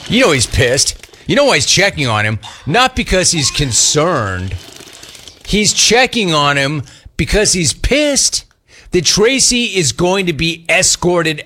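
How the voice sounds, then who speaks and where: A man's voice: fairly high pitch, pushed and bright, a little hiss or hum. A man hosting a sports radio show, joking his way through commentary on a photo and laughing often.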